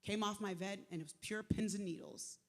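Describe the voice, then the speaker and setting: A speaker in their forties, giving a live inspirational talk in animated storytelling mode. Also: medium pitch, fairly quick, long reverb tail. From Montreal, Canada. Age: 40s. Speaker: speaker at a faith event. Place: large venue, live on stage.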